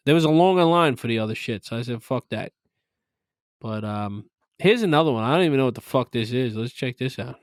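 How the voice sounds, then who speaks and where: A man's voice: mid-range voice, lively intonation, a little fast, no echo, studio quality. A man co-hosting a podcast, chatting casually, swearing often and laughing a lot. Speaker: podcast co-host. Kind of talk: casual chat.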